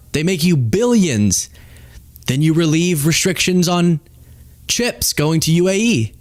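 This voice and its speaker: A man hosts a solo political commentary show. He sounds animated, incredulous and sarcastic. His voice sits a bit high, and the recording is dry and close, with no room echo.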